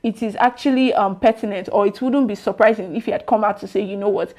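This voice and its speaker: A Nigerian woman speaking at a middle pitch, delivering political commentary as she reacts to posts. She talks conversationally, leans on fillers like "um" and "you know", and lets a sarcastic, opinionated edge come through. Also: fast talker, darkish tone. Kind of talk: political commentary reading out social media posts.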